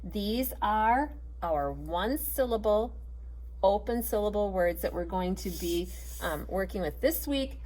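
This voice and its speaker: Slow, patient woman teaching phonics. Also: medium pitch, animated, darkish tone. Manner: patient, encouraging, sounds out letters slowly. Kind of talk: online phonics lesson for children.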